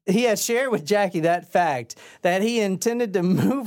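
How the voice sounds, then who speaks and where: A man's voice: high voice, a little slow, no room sound, clean studio sound. A man hosting a casual true-crime podcast, reading out case notes and joking with his co-hosts. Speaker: podcast host.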